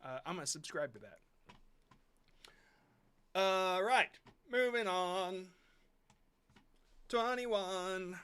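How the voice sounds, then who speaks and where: Brief: male streamer, slightly high and bright tone, blunt and rambling, casual commentary. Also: lively intonation, extremely slow, long pauses, clean tone. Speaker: host reviewing viewer shorts.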